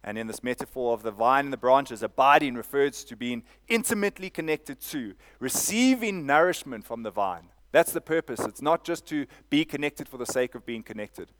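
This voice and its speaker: A man's voice: medium pitch, animated, moderate pace, hardly any pauses, fairly bright tone. A man preaching a sermon, repeating phrases and asking "Amen?" of the congregation. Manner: preaching with call-and-response "Amen?" and repetition. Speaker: pastor.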